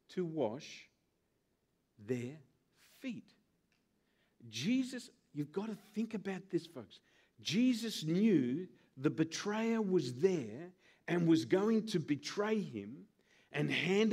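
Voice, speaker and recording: With a husky, slowish voice on the high side, an Australian man delivers a sermon as pastor. He brings it to life animatedly, playing out small scenes in put-on character voices.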